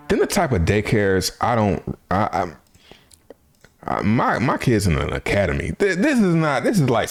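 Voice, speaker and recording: A man hosting a reaction video, talking in a casual, slangy way and laughing often as he jokes. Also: lowish voice. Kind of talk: casual commentary.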